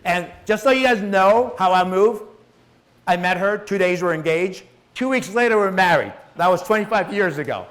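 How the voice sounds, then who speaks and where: A man's voice: sits high, animated, normal speed, a bit bright. A middle-aged man giving a motivational stage talk to a live audience, emphatic and repetitive, speaking straight to the crowd. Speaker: guest speaker. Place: event hall with live audience.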